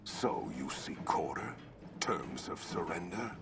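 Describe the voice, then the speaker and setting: Gravelly, whispering warlord. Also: male voice, deep voice, very animated, takes it slowly, heavy background noise, exaggerated voice. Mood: menacing. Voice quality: gravelly, half-whispered menace. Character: brutal masked male warlord, menacing, older. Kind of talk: video game dialogue. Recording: game audio under music.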